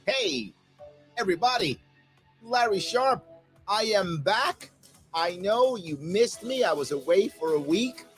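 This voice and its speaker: A man's voice: sits high, lively intonation, slow, fairly bright tone, soft background music. A man hosting a live talk radio show, his voice nasal and stuffy from allergies, talking emphatically with rhetorical questions and sarcastic asides. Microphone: studio microphone.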